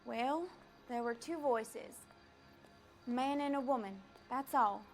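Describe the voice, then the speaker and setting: A woman's voice: on the high side, slow, soft background music. An actress playing a polite female witness in a 1940s crime game, answering a detective earnestly.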